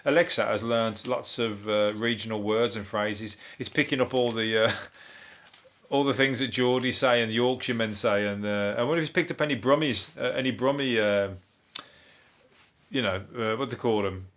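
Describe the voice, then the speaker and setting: A man's voice: medium pitch, a bit bright. Sweary Brummie man riffing comedically. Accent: Birmingham. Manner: sweary, rambling, laughing at his own jokes; throws in quick silly impressions. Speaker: comedian host. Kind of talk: rambling comedic news review.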